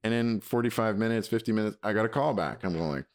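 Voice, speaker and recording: A man co-hosting a podcast, telling rambling stories and grumbling in a relaxed chat. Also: lowish voice, fast talker, dry recording, clean studio sound. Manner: rambling storyteller, mock-grumbling. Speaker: podcast co-host. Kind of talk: casual chat.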